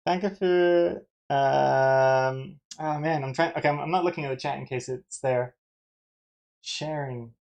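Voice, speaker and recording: A woman's voice: very deep voice, measured pace, creaky, darkish tone. A woman from Austria chatting casually on a live stream, playful and self-mocking, often laughing at herself.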